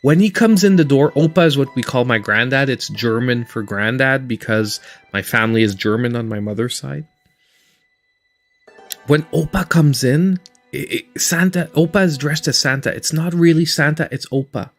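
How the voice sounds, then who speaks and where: A man hosting a gaming livestream who tells stories in a casual, animated way and laughs often while he plays. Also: medium pitch, moderate pace, faint music behind. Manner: animated storytelling, laughing often, mimicking voices. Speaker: gaming channel host.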